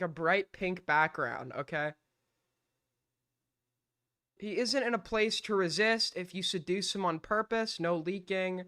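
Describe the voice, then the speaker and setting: A man's voice: high-pitched, fairly bright tone, no room sound, studio quality. A man hosting a live stream, arguing bluntly and swearing as he defends his calls. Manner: blunt, argumentative, swears freely. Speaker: streamer host. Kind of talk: heated live-stream commentary.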